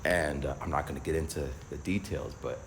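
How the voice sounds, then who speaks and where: A man's voice: extremely low pitch, steady tone, fairly quick, a little hiss or hum, low-quality recording. A man vlogging while walking outdoors, telling a casual story and acting out other people's voices. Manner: storytelling, acts out quoted voices.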